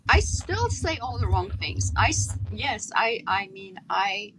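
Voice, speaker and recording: A woman from South Africa, an actress chatting as a guest on a video call, telling stories with animated delivery. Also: mid-range voice, slow pace, slight background noise, poor audio. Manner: animated storyteller, acts out her own accent. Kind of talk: casual interview chat.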